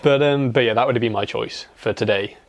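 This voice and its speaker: Young male co-host, gravelly, relaxed, dry humour. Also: medium pitch, fairly quick. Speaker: podcast co-host. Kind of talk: casual chat.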